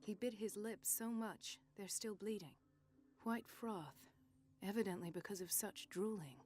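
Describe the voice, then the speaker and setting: An actress playing a calm, authoritative psychiatric doctor with a measured, clinical way of speaking. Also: female voice, mid-range voice, faint music behind, lightly acted.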